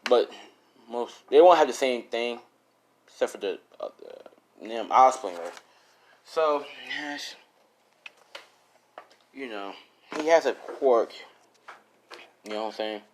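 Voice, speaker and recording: A man's voice: mid-range voice, animated, measured pace, long pauses, slight background noise. A young man casually improvising a fan story, rambling, swearing and correcting himself as he goes.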